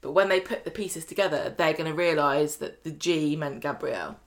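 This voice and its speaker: A woman's voice: low-pitched, moderate pace. A woman co-hosting a podcast, chattily recapping soap scenes in a casual chat. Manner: chatty, recounts scenes with quoted voices. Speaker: podcast co-host.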